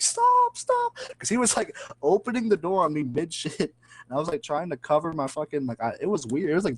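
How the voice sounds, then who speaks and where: A young man co-hosts a podcast in loose, casual chat and laughs easily. He swears freely and leans on fillers. His pitch is an everyday middle. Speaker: podcast co-host.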